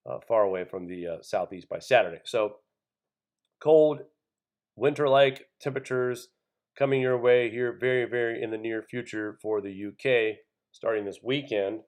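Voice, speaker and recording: A man's voice: on the low side, darkish tone. Indignant man commenting on weather news. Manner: indignant, conversational, addresses viewers as folks; reads news items aloud then comments. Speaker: channel host.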